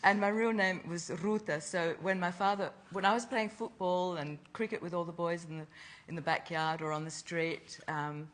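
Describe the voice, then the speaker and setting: A woman's voice: lowish voice, fairly even intonation, moderate pace, few pauses. An older woman, a fashion designer, telling stories from her youth in a casual interview, laughing often. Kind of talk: casual chat.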